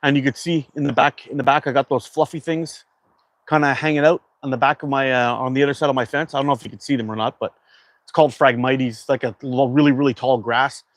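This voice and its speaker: A man's voice: mid-range voice, steady tone, fast talker, no echo. A man from Canada hosting a casual livestream, chatting and reading viewer comments aloud in a loose, rambling way. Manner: laid-back, rambling with fillers. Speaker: livestream host.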